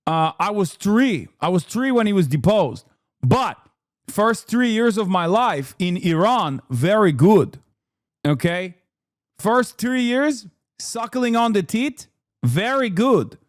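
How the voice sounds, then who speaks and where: A man doing a mocking impression of a boastful podcast host, in a Persian accent with a drawn-out delivery. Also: high-pitched, dry recording, studio quality, heavily acted.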